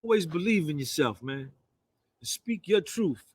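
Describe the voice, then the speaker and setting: A man's voice: a little high, sing-song, moderate pace, husky. A man in his fifties with a New Jersey accent, delivering a boastful, rambling monologue full of "man" and "you understand". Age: 50s.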